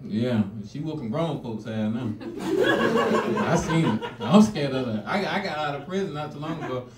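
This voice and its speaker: A man's voice: medium pitch, lively intonation, fairly quick, roomy sound, far from the mic, a loud crowd. A man doing his first stand-up set, telling slangy stories and laughing through his own lines. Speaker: stand-up comedian. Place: comedy stage.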